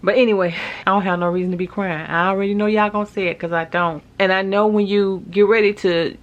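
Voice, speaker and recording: A woman's voice: medium pitch, steady tone, fast talker, highs cut off. A middle-aged woman telling a story in a casual vlog, chatty and tearful, talking straight to her viewers. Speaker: vlogger.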